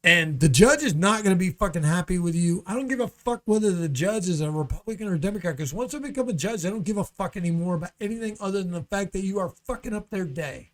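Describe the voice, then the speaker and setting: A man with a strikingly high voice tells a profane comic story in a podcast studio. He rants with energy and swears all the time. Now and then he mimics a shouting judge. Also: fast, hardly any pauses. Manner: animated ranting, swears constantly, mimics angry judges. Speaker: comedian guest.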